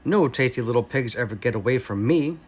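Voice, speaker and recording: A man with an American accent voicing a blustering, greedy big bad wolf in a storybook reading, with slow booming threats. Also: expressive, breathy edge. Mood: menacing.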